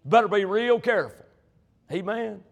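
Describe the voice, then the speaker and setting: High-voiced preacher man. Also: lively intonation, normal speed, vocal fry. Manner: emphatic, swings from loud to hushed. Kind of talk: sermon.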